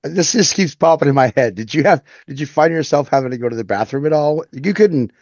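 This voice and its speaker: Lively male host, dull dry sound. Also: fairly high pitch, brisk, no echo. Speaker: podcast host. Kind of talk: casual interview chat.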